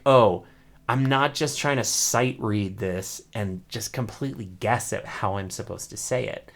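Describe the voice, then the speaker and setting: A man in the role of a ukulele teacher, speaking at a middle pitch. He breaks each step into small pieces and keeps checking in with his students. His tone stays encouraging throughout. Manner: encouraging, explains step by step, often asks "right?". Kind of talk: teaching an online class.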